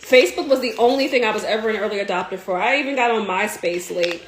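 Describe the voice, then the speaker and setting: A woman in her thirties, a marketing coach, chatting casually and excitedly on a live video, rambling with lots of "like" while sounding a bit congested. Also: mid-range voice, quick pace, slight background noise. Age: 30s.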